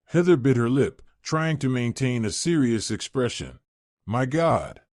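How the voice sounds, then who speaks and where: A man reading a scripted story in a steady narrating manner. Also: medium pitch, normal speed, no echo, studio quality.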